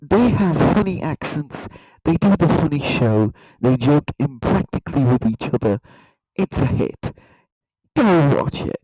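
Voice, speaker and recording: A man giving a mock-earnest, rambling satirical countdown in a deadpan way. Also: on the high side, unhurried, slightly rough, no echo, low-quality recording. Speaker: comedy YouTuber.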